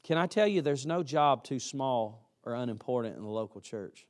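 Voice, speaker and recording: A man's voice: medium pitch, animated, normal speed. A man preaching a chapel sermon to college students in a folksy, emphatic way, acting out what students say.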